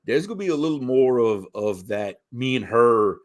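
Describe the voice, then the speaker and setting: A middle-aged man with a softened Cajun accent from south Louisiana. He co-hosts a laid-back chat, spinning stories with lively asides at an ordinary pitch. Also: normal speed. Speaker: co-host. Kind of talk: casual chat.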